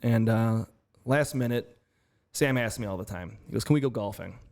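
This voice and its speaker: A man co-hosting a casual podcast, telling an animated story and acting out both sides of each exchange. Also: on the low side, moderate pace, creaky. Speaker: podcast co-host. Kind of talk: casual chat.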